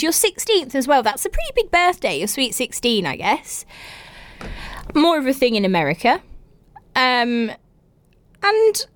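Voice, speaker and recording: A woman's voice: high-pitched, big pitch swings, a little slow, pauses often, dry recording. A young woman from England hosting a casual podcast, reading out listeners' stories and reacting with exaggerated, giggly comments. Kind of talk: casual chat.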